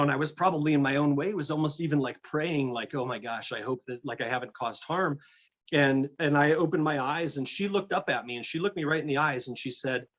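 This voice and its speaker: A middle-aged man telling a personal story as a guest in an interview, animated and full of restarts. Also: on the high side, dull audio. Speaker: guest, energy healer.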